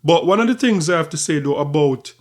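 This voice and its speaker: A man hosting a commentary channel, talking in a measured, conversational way with small repeats and restarts. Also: on the high side, animated.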